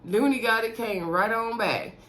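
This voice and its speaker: A woman's voice: a little high, moderate pace, a bit bright, slight background noise. Chatty, sassy woman recapping a show. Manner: chatty and sassy, talking straight to viewers; laughs between remarks. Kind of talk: casual episode recap commentary.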